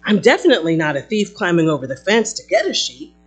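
A woman teaching a Bible passage in a lively, conversational way, breaking into playful asides. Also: on the low side, fast talker, husky.

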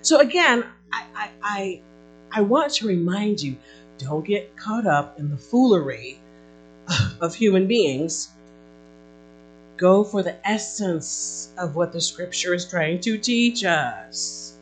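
A woman pastor preaching a sermon to a small congregation, conversational and animated, full of rhetorical questions. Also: mid-range voice, slow pace, soft background music, low-quality recording.

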